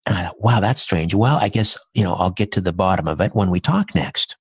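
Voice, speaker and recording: A middle-aged man with a very low, husky voice recounts a personal story in conversation. He talks in an earnest, reflective way, walking through events step by step. The recording is dry and close. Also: expressive, brisk, no echo. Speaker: podcast guest.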